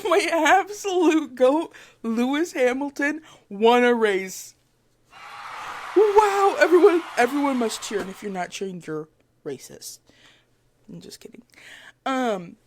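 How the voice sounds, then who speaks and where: A woman chatting casually to camera as a vlogger, excitable and rambling, with lots of fillers, giggles and self-corrections. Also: medium pitch. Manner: gushing fan talk with giggles.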